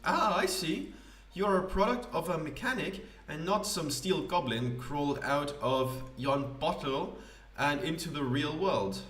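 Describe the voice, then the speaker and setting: A flamboyant, self-important vagrant poet holds court in a game voice-over, put on by a man. The voice sits well above a plain speaking pitch and stretches its ornate sentences out grandly. The sound is roomy, as if picked up from a little away from the mic. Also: lively intonation, fairly bright tone, far from the mic. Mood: grandiose. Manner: grandiloquent, theatrical, drawn-out phrasing.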